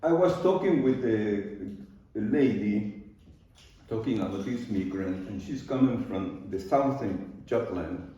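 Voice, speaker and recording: With lively intonation, an older man from Peru talks to a live audience in his large art studio, his accent Spanish and his voice mellow and low in brightness. He goes at an easy pace with pauses, fillers and loose grammar, heard from across the very echoey room with a slightly dull sound.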